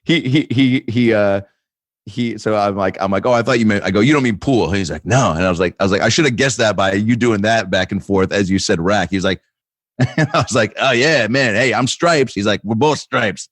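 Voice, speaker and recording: A man with a voice on the low side, speaking at a moderate pace, spins a long, rambling story on a comedy podcast. Fillers and restarts abound, and he keeps breaking into laughter. The sound is dry and cleanly studio-recorded.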